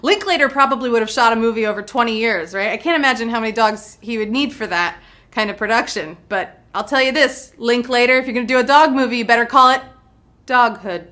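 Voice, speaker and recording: A woman's voice: on the high side, quick pace, sharp tone. A young woman hosting a live trivia game show, bubbly and full of playful puns. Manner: bubbly, punny, playful banter.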